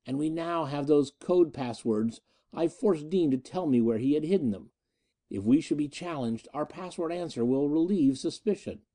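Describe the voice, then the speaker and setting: A man's voice: a little high, animated, moderate pace, dark tone, close to an everyday voice. A man reading as a cold, scheming pirate chief. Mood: cold, menacing. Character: cunning ruthless male space-pirate leader, calm and menacing.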